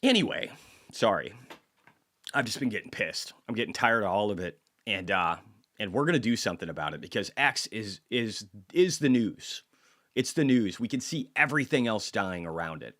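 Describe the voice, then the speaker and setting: A man's voice: fairly low pitch, fairly bright tone. Man, market commentary host, casual vlog, blunt, swears a lot, off-the-cuff. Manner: blunt and profane, apologizes for tangents.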